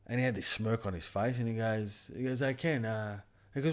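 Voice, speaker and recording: A man's voice: lowish voice, brisk. A young man on a podcast, animatedly retelling a work story in casual, crude slang. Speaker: podcast co-host. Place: backyard.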